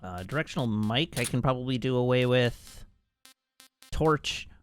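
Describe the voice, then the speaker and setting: Slow, wry man muttering over a game. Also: mid-range voice, faint music behind. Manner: wry, muttering self-talk while playing. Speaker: let's play host. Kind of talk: casual gameplay commentary.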